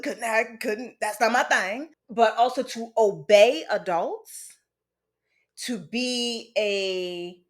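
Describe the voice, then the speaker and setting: A woman host telling a candid personal story from her childhood, casual and frank, with some swearing. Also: on the high side. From United States. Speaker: podcast host.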